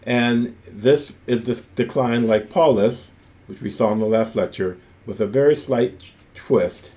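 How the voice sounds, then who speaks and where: A man giving a recorded ancient Greek grammar lecture, reciting word forms slowly and deliberately, with enthusiastic asides. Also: medium pitch, mellow. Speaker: Greek teacher.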